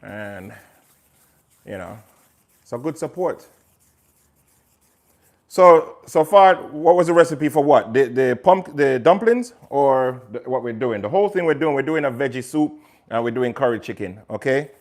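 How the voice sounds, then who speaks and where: A man's voice: mid-range voice, lively intonation, moderate pace, darkish tone. A man hosting a casual cooking livestream, chatting to viewers by name while he cooks in a kitchen. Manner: chatty, talks to viewers by name, pushes his cookbook. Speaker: chef and host.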